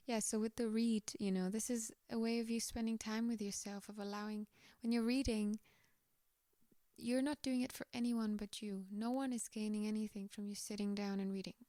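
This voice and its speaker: A woman with a slightly tired, mid-range voice gives a gentle, reassuring pick-a-card tarot reading, often dropping to a whisper. The sound is clean studio quality with no room sound.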